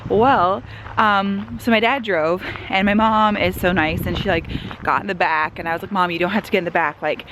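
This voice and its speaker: A woman's voice: medium pitch, fairly even intonation, moderate pace, noisy background. A pregnant young woman telling a story in a casual vlog, chatty and full of fillers. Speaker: vlogger. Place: outdoors on a walk, then a home kitchen. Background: breeze outside, loud sizzling bacon in the kitchen.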